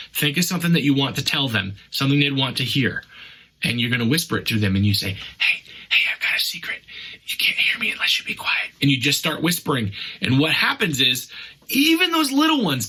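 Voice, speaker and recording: A middle-aged man hosts a podcast in an upbeat, chatty way. His voice is bright and forward and sits a little high for a man. He talks casually and acts out little scenes as he goes. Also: husky, low-quality recording. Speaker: podcast host. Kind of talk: casual advice talk.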